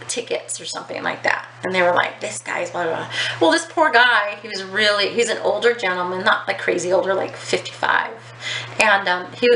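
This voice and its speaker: A vlogger with a mid-range, bright and forceful voice tells a rambling personal story in casual style, swearing freely and peppering her speech with ums and likes. The recording is echoey, with faint outdoor noise behind her.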